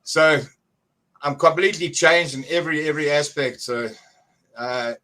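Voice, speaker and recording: Middle-aged man, bright forceful tone, fairly high voice, eager and halting. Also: poor audio. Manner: excited, halting, full of restarts. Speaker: guest church member. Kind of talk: casual testimony.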